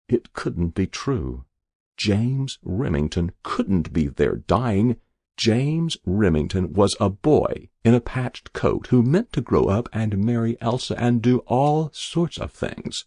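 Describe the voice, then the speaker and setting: A man's voice: lowish voice, sing-song, takes it slowly, mellow, no room sound, studio quality. A man reading a story aloud, narrating expressively. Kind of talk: audiobook reading.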